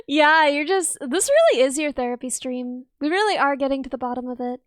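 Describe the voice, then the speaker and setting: A woman's voice: sits high, expressive, brisk, no echo. A woman host in casual stream chat, making dry, self-deprecating jokes.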